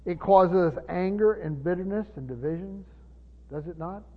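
Man, pastor, Bible study sermon, halting and repetitive, high voice, long hall reverb. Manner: halting, repeats words, asks the room questions. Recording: tinny phone-like sound in a reverberant hall.

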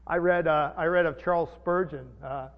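A pastor preaching a sermon, chatty and animated, with jokes and asides. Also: male voice, on the high side, moderate pace. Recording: dull lo-fi sound with long reverb.

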